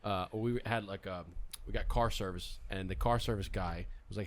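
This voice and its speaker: A middle-aged man with a lowish voice hosts a podcast, chatting casually at a moderate pace. He's an animated storyteller who acts out what people said.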